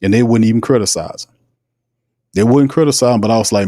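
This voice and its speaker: A man's voice: fairly low pitch, quick pace, long pauses, dark tone, dry recording, studio quality. A man hosting a sports livestream, ranting in a heated, repetitive way. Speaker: sports podcast host. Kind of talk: casual livestream commentary.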